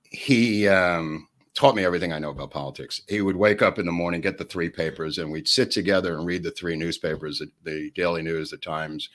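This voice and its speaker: Older NY guy, very low voice, chatty podcast co-host who acts out every quote. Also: brisk, fairly bright tone. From New York. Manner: rambling anecdotes, laughing often, pitch jumping up when acting out quotes. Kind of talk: storytelling in casual chat.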